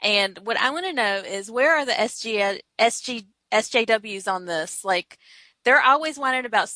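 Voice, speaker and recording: A woman's voice: fairly high pitch, animated, moderate pace, pushed and bright, no echo. A Southern woman co-hosting a podcast, chatty and opinionated, often laughing. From American South. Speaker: podcast co-host. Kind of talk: casual chat.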